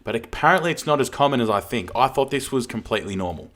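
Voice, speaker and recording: A man's voice: medium pitch, animated, fast talker, fairly bright tone. A man hosting a casual podcast, teasing his co-host as he leads the topic. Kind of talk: casual pub-style podcast chat.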